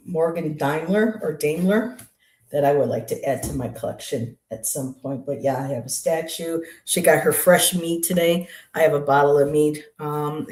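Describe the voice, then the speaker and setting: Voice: medium pitch, darkish tone. Rambling spiritual chat in a roomy space. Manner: meandering, halting, with many asides. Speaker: livestream co-host, artist and poet. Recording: roomy echo.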